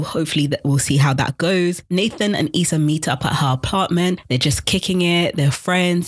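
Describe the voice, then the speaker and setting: A vlogger recapping a TV episode in a casual, expressive way, often repeating lines for emphasis and laughing. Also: mid-range voice, no room sound, studio quality.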